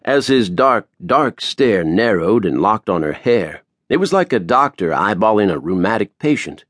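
A man's voice: on the low side, very animated, moderate pace, no room sound, studio quality. A man narrating an audiobook in a wry, playful storytelling manner. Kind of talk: scripted narration.

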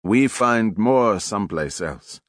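A man voicing a calm older male fisherman who speaks slowly and with resignation, read as an audiobook character voice. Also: fairly low pitch, dry recording, studio quality. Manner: slow, unhurried, resigned.

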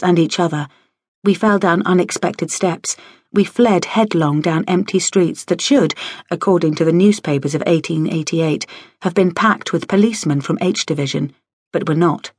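A woman's voice: fairly low pitch, slightly rough, no room sound. Wry woman reading an audiobook. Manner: wry, lively storytelling. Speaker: audiobook narrator. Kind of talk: scripted first-person narration. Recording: dry studio audio.

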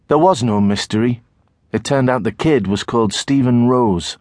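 A middle-aged man with a Tyneside accent narrating a children's novel in the first person, expressive storytelling. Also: medium pitch, normal speed, dry recording, clean studio sound. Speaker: audiobook narrator.

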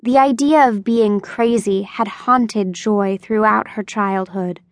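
A woman reading an unabridged young adult novel as audiobook narrator, in a measured, even manner. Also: medium pitch, no room sound, studio quality. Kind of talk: scripted narration.

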